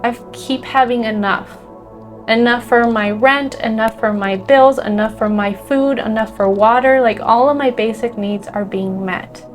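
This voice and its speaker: A woman's voice: a little high, unhurried, faint music behind. A woman spiritual teacher, emotional and close to tears, talking earnestly about faith and trust with many fillers and restarts. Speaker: spiritual teacher and energy healer. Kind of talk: heartfelt spiritual talk to camera.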